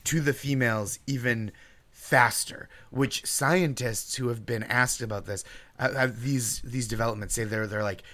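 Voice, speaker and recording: A man's voice: medium pitch, sharp tone. A man who is a guest on a comedy podcast, bantering and laughing through his own jokes.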